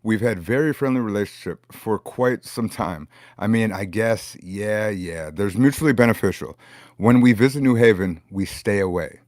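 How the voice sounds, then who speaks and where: A man's voice: on the low side, normal speed, a little mellow, no echo, clean studio sound, close to an everyday voice. A man reading a male defendant's court testimony, hesitant and full of fillers. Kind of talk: comedic court transcript reading.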